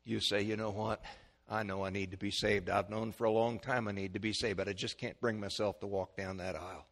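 A male preacher giving a sermon, swinging from hushed, slow pleading to loud, high-pitched shouts. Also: fairly even intonation. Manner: dramatic swings from quiet to shouting.

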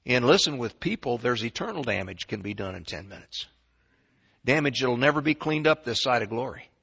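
Male preacher, sermon, folksy, forceful tone, slightly dull recording. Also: mid-range voice, lively intonation, fairly quick, gravelly, breathy edge. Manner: folksy storytelling, swings from quiet to loud bursts.

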